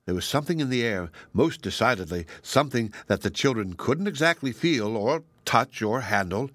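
A man reading a children's storybook aloud, gentle and expressive, with playful asides. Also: medium pitch, dry recording.

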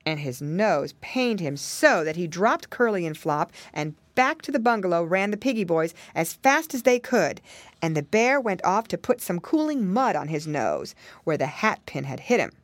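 Animated woman reading a children's story. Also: fairly low pitch, moderate pace, no echo. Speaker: audiobook narrator.

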